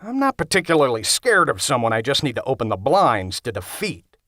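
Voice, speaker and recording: A man doing a bored, deadpan coworker. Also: medium pitch, a little fast, no echo. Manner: blunt, dry, smirking. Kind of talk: audiobook character voice. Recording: dry close studio sound.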